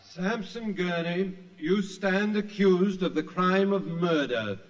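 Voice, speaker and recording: An actor playing a stern, formal judge who speaks slowly, in 1940s radio acting. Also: male voice, sits high, over loud music. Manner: slow, formal pronouncing. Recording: muffled noisy old radio recording.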